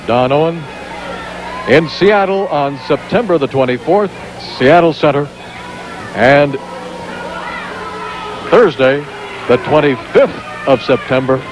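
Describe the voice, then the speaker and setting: A man announcing a pro wrestling match with excited, exclaiming play-by-play commentary. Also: fairly high pitch. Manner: excitable, exclaiming, hype-driven. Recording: noisy 1980s TV broadcast.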